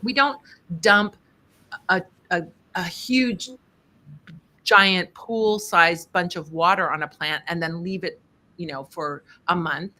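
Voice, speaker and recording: Woman tarot host, bright and crisp tone, chatty and quick to laugh. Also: lowish voice. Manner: chatty, laughs often, animated retelling. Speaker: tarot reader hosting a charity stream. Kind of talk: casual storytelling and tarot reading.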